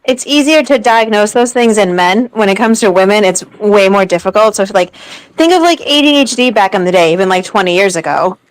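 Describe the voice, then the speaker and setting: A woman's voice: medium pitch, expressive, fairly quick, no echo, low-quality recording. Frank woman in casual chat.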